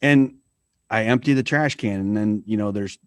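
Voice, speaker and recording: A man's voice: fairly low pitch, normal speed, clear, resonant tone, dry recording. A middle-aged man talking as a podcast guest, blunt and earnest, and he swears freely. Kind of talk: candid conversation.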